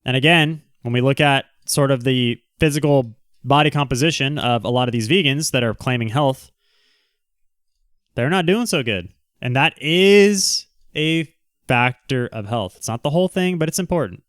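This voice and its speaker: A man's voice: medium pitch, normal speed, fairly bright tone, smooth, no echo, studio quality. A man hosting a casual livestream, reading the chat aloud and answering in a brash, teasing, joking way. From Southern California.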